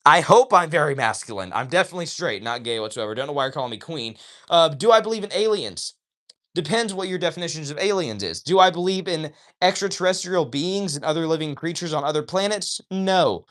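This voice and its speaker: A man's voice: fairly high pitch, a bit bright. Upbeat male streamer chatting with viewers. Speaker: livestream host reading chat. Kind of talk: casual livestream chat. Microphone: phone.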